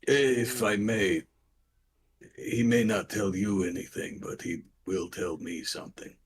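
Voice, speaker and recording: A man playing a tabletop game, speaking his character's lines in a smooth, formal manner. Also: fairly low pitch, slow. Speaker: player.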